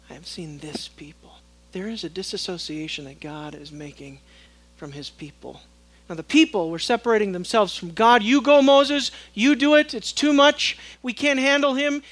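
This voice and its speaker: Slow, dramatic preaching man. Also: rough recording. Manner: dramatic, shifts between loud emphatic and hushed low tones; acts out quoted voices of God and Moses. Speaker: pastor. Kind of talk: sermon.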